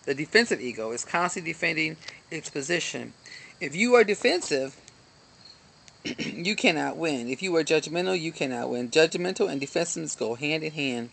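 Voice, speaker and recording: A woman's voice: low-pitched, lively intonation, normal speed, gravelly, a bit bright, a little hiss or hum. A woman giving an earnest, encouraging self-help talk to a hand-held camera. She reads from a book with lots of ums and little asides. Faint crickets chirp in the background. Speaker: motivational self-help speaker. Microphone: self-filmed, camera held in hand at arm's length.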